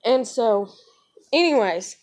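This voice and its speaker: A young woman with a high voice and a drawl tells a story straight to camera. She talks bluntly and casually, swears freely and fills her sentences with "like" and "you know.". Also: expressive, takes it slowly, a little mellow. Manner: blunt, heavy swearing, many fillers. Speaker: vlogger.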